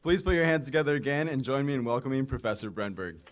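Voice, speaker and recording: A man introducing the next speaker on stage at an event, in a brisk announcing manner. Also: medium pitch, expressive, background noise.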